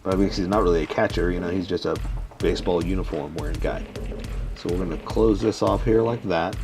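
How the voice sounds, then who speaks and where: A man narrating each stroke of a step-by-step drawing lesson, rambling a little with many pauses and fillers. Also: deep voice. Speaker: drawing instructor. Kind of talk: casual step-by-step drawing tutorial.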